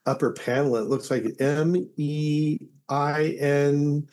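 A man's voice: a little high, steady tone, takes it slowly, darkish tone. A man co-hosting a podcast, chatting casually and joking about a comic. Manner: joking, muses aloud. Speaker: podcast co-host. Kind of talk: casual chat.

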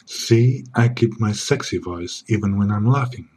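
A man playing a smug secret agent in a comedy sketch, keeping a low, smooth, deadpan voice. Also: measured pace, a little hiss or hum, natural voice. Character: suave smug male secret agent parody.

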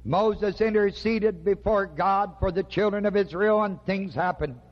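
A man preaching a sermon slowly and emphatically, with dramatic pauses. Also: high-pitched. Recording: dull lo-fi recording with long hall reverb.

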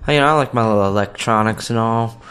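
A man who is a guest on a casual comedy podcast, easygoing and quick with laughing quips. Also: medium pitch, fairly bright tone.

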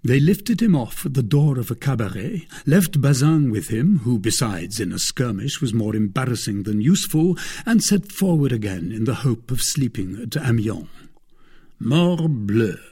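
A man narrating a classic adventure novel in a steady, even reading voice. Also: medium pitch, moderate pace, few pauses, breathy edge. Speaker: audiobook narrator. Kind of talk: scripted narration.

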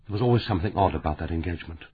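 A brittle, sardonic middle-aged woman makes cutting remarks, voiced by a male narrator. The voice stays low and husky. The sound is narrow and phone-like. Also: racing. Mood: dry, cutting. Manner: dry and cutting.

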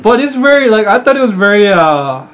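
A man's voice: sits high, very animated, brisk. A man hosting a casual chat, asking questions and sharing his own story. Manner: probing questions, soft back-channel hums. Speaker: host.

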